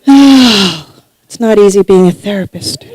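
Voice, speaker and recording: A woman from New York doing a stand-up set. She talks haltingly, repeating herself and restarting her sentences. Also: medium pitch, a little mellow, rough recording. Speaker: stand-up comic. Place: stage before a live audience.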